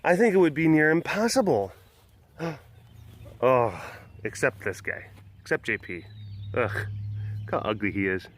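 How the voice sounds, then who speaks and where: A man's voice: medium pitch, lively intonation, measured pace, pauses often. A man filming outdoors at a big cat sanctuary. He talks in a playful, teasing way and drops into baby talk with the cats. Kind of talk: casual vlog talking to the camera and to tigers.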